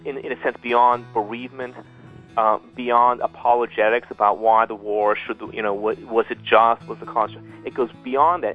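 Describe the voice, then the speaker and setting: Thoughtful man on a phone line. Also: on the low side. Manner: thoughtful, halting, many restarts. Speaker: guest author. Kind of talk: radio interview.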